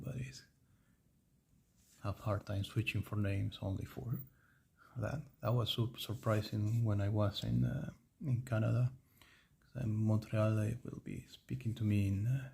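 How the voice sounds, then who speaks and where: Gravelly-voiced man streaming a card break. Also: lowish voice, dark tone. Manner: chatty, rambling, reading off player names.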